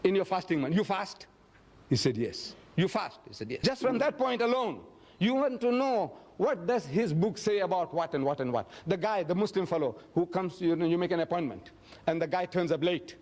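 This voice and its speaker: A man lecturing in a fairly high voice, answering questions from the floor. He tells his stories emphatically, raising his voice to act out the quotes. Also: animated, normal speed, a little mellow. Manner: emphatic, storytelling, acts out quotes with a raised voice. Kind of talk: public lecture Q&A. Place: lecture hall.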